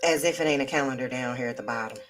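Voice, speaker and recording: A low-voiced woman hosts a live tarot reading stream from home, chatting loosely and animatedly with viewers. She calls them y'all and child, and faint music plays under her talk. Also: very fast. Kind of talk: casual live-stream chat.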